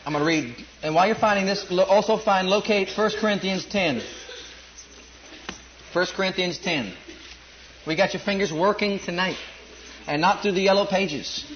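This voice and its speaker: High-voiced guy preaching, punches words over and over, dull lo-fi sound. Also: moderate pace, slight background noise. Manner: emphatic, repeats words, swings from low asides to loud stressed lines. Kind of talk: sermon with scripture reading.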